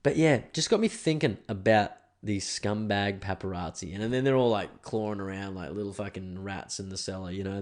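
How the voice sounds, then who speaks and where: Australian man, young adult, podcast host, casual rant, swears a lot, lowish voice. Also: a little fast, few pauses, darkish tone.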